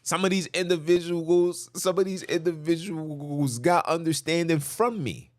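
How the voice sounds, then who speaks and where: A man hosting a podcast, delivering an impassioned religious monologue with an animated, preachy manner and a habit of repeating himself for emphasis. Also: on the high side, unhurried, no room sound, clean studio sound. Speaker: podcast host.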